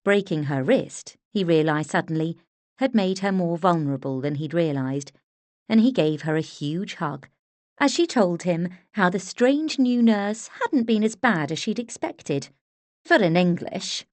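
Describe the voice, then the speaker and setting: A woman reads a romance novel aloud in scripted narration, measured and steady. Her voice sits on the low side, and the recording is close and dry with no room sound. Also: dry recording. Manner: even, measured storytelling. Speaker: audiobook narrator.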